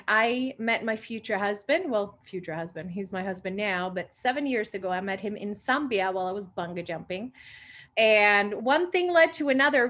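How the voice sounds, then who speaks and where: A woman's voice: medium pitch, fairly bright tone. A woman in her twenties hosting a video call meeting, upbeat and effusive and short of breath. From Sweden. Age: 20s. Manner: upbeat and effusive, repeats words for emphasis. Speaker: retreat founder and confidence coach hosting a meeting.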